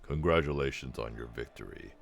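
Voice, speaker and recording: A man reading the lines of a dignified high priest in a deep, solemn, formal voice. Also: fairly quick, gravelly, soft background music, exaggerated voice.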